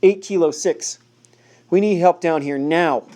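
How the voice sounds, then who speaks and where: A man's voice: fairly high pitch, a little slow, a little mellow, voice pushed up, close to an everyday voice. A man voicing a big, out-of-shape police officer who speaks in a breathless, urgent, commanding way. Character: winded burly male police officer.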